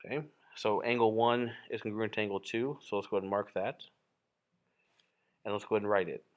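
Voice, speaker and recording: A math teacher with a lowish voice and fairly even intonation teaches geometry while drawing, speaking briskly. His explanations are casual, full of fillers and self-corrections. The audio is dull.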